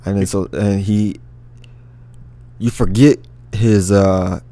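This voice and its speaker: Chill low-voiced dude, says yeah a lot, dead dry sound. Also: male voice, steady tone, takes it slowly, mellow, dry recording. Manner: laid-back, agreeable, lots of yeahs. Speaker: podcast co-host. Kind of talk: casual chat.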